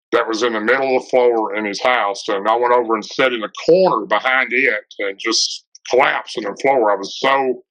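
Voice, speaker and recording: Speaking as a podcast guest over dull, lo-fi audio, a middle-aged Tennessee man in a Southern accent tells a story about an encounter. His medium-pitched voice has a slightly bright quality, and he peppers the tale with "and, uh."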